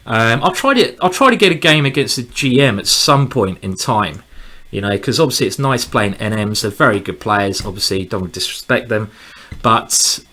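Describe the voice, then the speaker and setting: A man's voice: medium pitch, big pitch swings, normal speed. Chatty man commentating his chess game. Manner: chatty and rambling, bursting into loud cheers. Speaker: chess streamer. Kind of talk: live chess commentary while playing.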